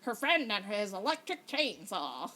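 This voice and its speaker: A woman's voice: mid-range voice, big pitch swings, measured pace, sharp tone. A young woman co-hosting a podcast, joking and rambling in casual chat. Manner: joking, rambling, trails off and restarts. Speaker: podcast co-host.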